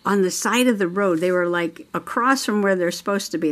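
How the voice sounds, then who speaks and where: In a casual crafting chat, a middle-aged journaling host colors and tells a chatty story, laughing frequently. Her mid-range voice moves at normal speed with few pauses.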